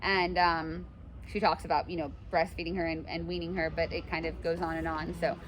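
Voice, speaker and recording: Young woman teacher chatting through a lesson in class, animated, lots of "like" and "um", bit of room hum. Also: sits low, a little fast. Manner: chatty, animated, many fillers. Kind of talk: classroom lecture with read-aloud passages.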